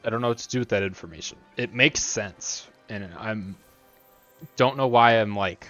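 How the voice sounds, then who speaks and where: A man's voice: lowish voice, normal speed, a bit bright, dull audio, faint music behind. A man streaming a game, rambling in a joking way, answering chat and scolding the monster on screen. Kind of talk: casual live-stream chat while playing.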